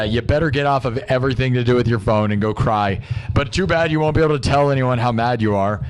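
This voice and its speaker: A man's voice: mid-range voice, a little fast. Young man, live-stream host, brash, ranting, casual slang. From United States. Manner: brash, ranting, says "dude" and "bro" a lot. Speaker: livestream music host.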